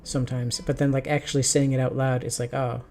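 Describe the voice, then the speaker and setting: A man streaming his Japanese study, sounding out practice sentences slowly with many restarts and chatting casually between them. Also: medium pitch, little pitch movement, a little mellow, slight background noise.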